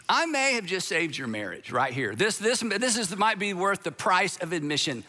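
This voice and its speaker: Male speaker, sermon-style delivery, high and bright, lively, slips into quoted voices. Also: normal speed, hardly any pauses. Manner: animated, acts out the voices of people he quotes. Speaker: speaker addressing an audience.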